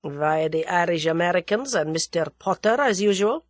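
Curt plotter guy voiced by a woman, flat and businesslike, dry. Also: fairly low pitch, normal speed, no echo, natural voice. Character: plotting Russian agent Boris, curt man.

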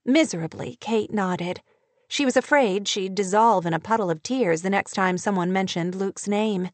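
A woman narrating a romance novel in a steady, even storytelling voice. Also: mid-range voice, normal speed, no echo. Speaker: audiobook narrator.

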